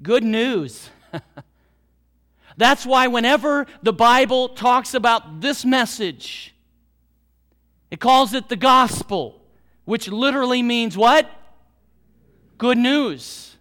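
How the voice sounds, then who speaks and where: A middle-aged male pastor with an American Midwest accent, preaching an animated sermon that swings between soft and loud. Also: slow pace, long pauses. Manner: animated preaching with big swings in loudness and pitch.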